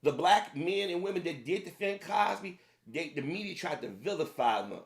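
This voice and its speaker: A man's voice: on the high side, animated, normal speed. Man ranting in a heated tone. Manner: heated, repetitive, addressing the audience directly. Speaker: commentator. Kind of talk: opinion rant to camera.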